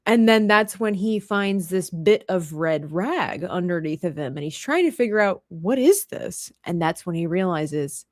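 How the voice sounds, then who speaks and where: A woman's voice: fairly low pitch, moderate pace, few pauses, dry recording, clean studio sound. A woman in casual chat, animatedly retelling a storybook tale and laughing as she goes. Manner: animated storyteller who acts out lines with laughter. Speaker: podcast co-host.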